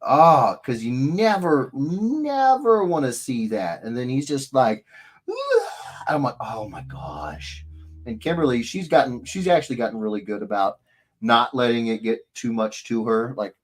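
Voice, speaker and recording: A man hosting a casual live stream, telling stories in a rambling, animated way with many restarts. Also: mid-range voice, moderate pace. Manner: rambling, self-interrupting, animated storytelling. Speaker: livestream host. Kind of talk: casual chat.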